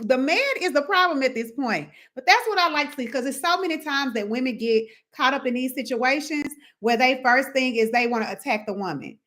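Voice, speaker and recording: Chatty woman hosting a live chat. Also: on the high side. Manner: animated, chatty, laughs often. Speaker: live stream host. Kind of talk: casual live chat reading comments.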